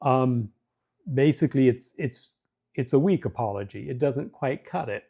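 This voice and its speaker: A man's voice: medium pitch, moderate pace, gravelly, dark tone, slightly rough. A middle-aged man hosting a marriage advice talk, earnest and folksy, poking fun at himself and acting out quotes as he goes. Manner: earnest, folksy, self-deprecating, with restarts and acted-out quotes. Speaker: host of a marriage advice show. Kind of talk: casual talking-to-camera advice.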